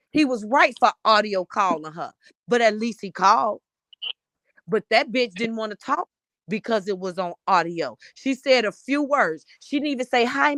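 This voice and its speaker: With a slightly high, fairly bright voice and no echo, a woman panelist delivers heated live-stream commentary. She's fiery, blunt, and profane, ranting with real heat.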